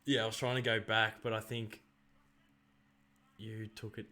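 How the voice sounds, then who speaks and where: An Australian man streaming casual live play-by-play, excitably rattling off player names and breaking into loud calls. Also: lowish voice, a little slow. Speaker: streamer commenting on a live game.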